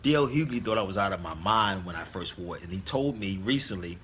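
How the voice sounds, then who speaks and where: A man's voice: on the low side, lively intonation, brisk, a bit bright, slight background noise. A man telling a story in a casual monologue, emphatic and speaking straight to his listeners. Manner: emphatic, addresses listeners directly. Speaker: online talk host.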